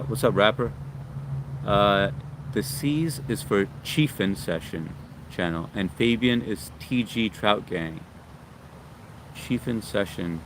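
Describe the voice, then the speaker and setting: A man from Long Island, hosting a casual livestream outdoors in the sun, reading viewer comments and greeting them by name in a relaxed, friendly way. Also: lowish voice, background noise. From Long Island, New York. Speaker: livestream host.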